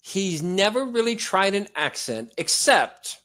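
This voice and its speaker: A slightly hoarse man co-hosting a movie podcast, rambling and joking in casual chat. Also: high voice, sing-song, a little slow, a bit bright. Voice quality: rambling, joking, laughs often. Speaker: podcast co-host.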